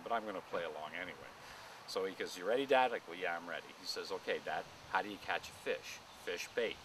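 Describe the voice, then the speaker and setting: A middle-aged man doing a stand-up set in a driveway, telling family stories in a deadpan way and jumping higher for the lines he quotes. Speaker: amateur comedian. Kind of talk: stand-up storytelling. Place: outdoors in a driveway near traffic. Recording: distant camera mic outdoors, traffic noise.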